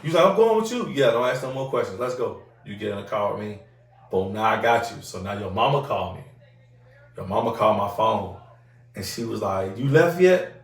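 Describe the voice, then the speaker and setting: A man's voice: fairly low pitch, brisk. A man, the podcast host, telling a long story in casual chat, acting out other people's voices and swearing a lot. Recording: roomy sound from a distant mic.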